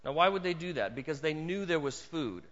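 A pastor delivers a sermon with an animated delivery. He drops to a hushed storytelling tone, then rises to loud, emphatic points. His voice carries a long reverb from the hall, and the recording sounds a little dull. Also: fairly high pitch, brisk. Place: church hall.

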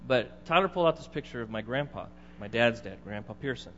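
A man's voice: mid-range voice, lively intonation, fast, a bit bright. A middle-aged male pastor preaching in a loose, conversational way and often asking his listeners questions. His voice comes through dull, with a long church-hall reverb and a faint mains hum behind it. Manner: conversational, asks the congregation questions. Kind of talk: sermon.

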